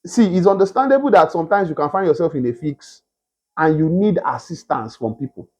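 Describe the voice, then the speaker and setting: A man preaching a sermon, emphatic and repetitive, with a husky voice. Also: on the high side, lively intonation, brisk, a little mellow. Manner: emphatic, repetitive, mimics beggars in a whiny voice.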